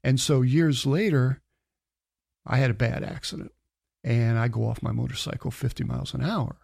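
A middle-aged interview guest tells a personal story in a casual setting, animatedly acting out the quoted dialogue as he goes. His mid-range voice is gravelly and slightly rough, at normal speed.

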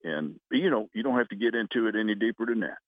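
A man in his sixties, a retired military officer, giving earnest, halting interview answers over a phone call and closing each one with "over". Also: on the low side, lively intonation, no echo. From United States. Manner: earnest, halting, frequent restarts, says "over" after answers. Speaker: retired Coast Guard vice admiral, guest. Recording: tinny phone line.

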